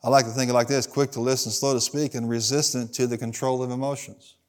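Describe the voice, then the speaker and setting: A pastor with a medium-pitched, level voice preaches fairly quickly, engaging the congregation in call-and-response and dramatizing the people in his stories during a church sermon.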